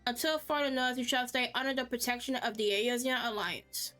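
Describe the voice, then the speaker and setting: Stern male commander, read by a woman, measured and commanding. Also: fairly high pitch, pushed and bright, faint music behind.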